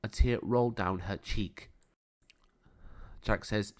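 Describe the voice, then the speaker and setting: A man narrating a children's storybook aloud in a calm, steady reading voice. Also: fairly low pitch, slow pace, pauses often.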